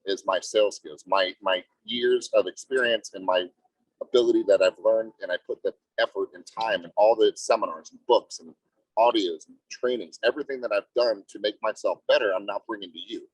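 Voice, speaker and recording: Emphatic man with a husky low voice. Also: a little fast, no room sound. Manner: emphatic, salesy, repeats "right?". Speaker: real estate agent. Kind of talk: team meeting discussion. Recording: muffled low-fidelity audio.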